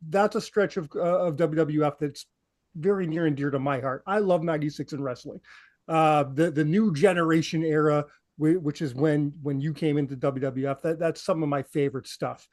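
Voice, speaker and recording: A man's voice: on the high side, normal speed, darkish tone. A man co-hosting a wrestling podcast, asking long and enthusiastic questions with plenty of filler words. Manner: enthusiastic fan, lots of fillers. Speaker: podcast co-host. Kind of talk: interview questions.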